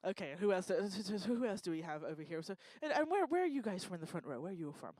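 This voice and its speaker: Hosting a live event on a lecture hall stage, a woman jokes with and teases the crowd in casual stand-up fashion. Her lowish voice is sing-song, fast and a little mellow, recorded dry.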